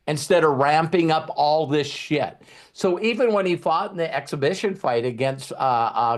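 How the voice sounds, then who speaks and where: A man's voice: sits high, expressive, normal speed. A middle-aged man hosting a podcast, telling a long story in casual, profane chat. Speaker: podcast host.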